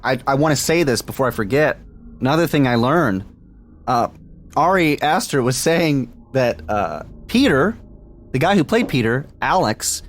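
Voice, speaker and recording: A man co-hosting a casual film podcast, chatty and quick to laugh while he recaps the plot. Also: mid-range voice, big pitch swings. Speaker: podcast co-host.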